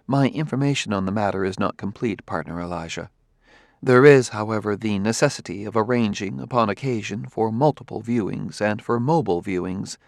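Give me a precise, formal male robot, read by a man in a low, gravelly audiobook voice. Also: fairly quick, no echo, clean studio sound. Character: calm formal humanoid male robot partner.

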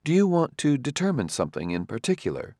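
A man's voice: mid-range voice, wildly swooping pitch, darkish tone, dry recording, studio quality, pitched above the performer's own voice. A man voicing a grave, courteous robot. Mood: composed. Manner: measured, polite and grave. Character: calm, courteous humanlike male robot. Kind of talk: audiobook character voice.

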